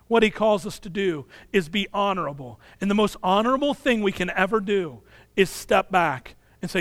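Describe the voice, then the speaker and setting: High-voiced man preaching a sermon. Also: expressive, moderate pace, no room sound. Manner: earnest preaching, dropping soft on key phrases. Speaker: pastor.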